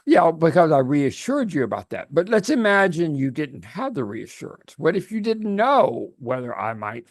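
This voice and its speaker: A man coaching on a video call, telling stories in an animated way and often restarting his sentences. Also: on the high side, normal speed, hardly any pauses, no room sound, studio quality. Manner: animated storytelling with frequent restarts. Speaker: life coach.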